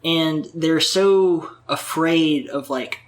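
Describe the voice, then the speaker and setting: A man in casual conversation, telling stories in a profane, animated way full of filler words. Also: a little high, very slow. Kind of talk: casual chat.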